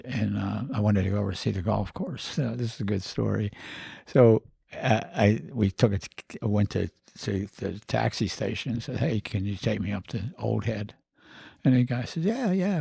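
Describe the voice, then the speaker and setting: Older male guest, low gravelly voice, rambling storyteller. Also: steady tone, moderate pace, mellow, dry recording. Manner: rambling, digressive anecdotes with many fillers. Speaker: podcast guest. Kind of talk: casual storytelling.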